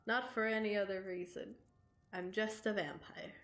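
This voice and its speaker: A woman's voice: medium pitch, steady tone, unhurried, fairly bright tone. A woman with a scratchy throat chatting casually and swearing now and then while she streams a game, laughing often. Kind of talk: casual live-stream chat while playing. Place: home streaming setup. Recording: roomy echo with game music behind.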